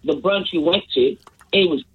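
A woman's voice: lowish voice, normal speed, a little hiss or hum. A woman calling in to a radio show and chatting on a phone line. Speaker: caller. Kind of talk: casual phone chat.

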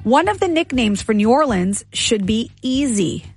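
A woman co-hosting a radio show, reading trivia questions briskly and laughing often. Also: on the high side, sing-song, creaky, husky, soft background music. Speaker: radio co-host running a trivia game.

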